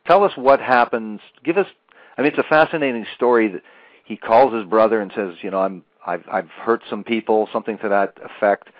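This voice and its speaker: A man's voice: lowish voice, a little fast, dry recording, muffled recording. A man hosting a radio interview, prompting his guest for details and repeating himself as he asks.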